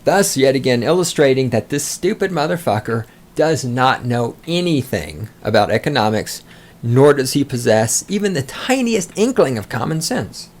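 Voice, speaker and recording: A man's voice: medium pitch, sing-song, moderate pace. A man hosting a podcast, ranting with sarcastic, profane, mocking commentary. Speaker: podcast host.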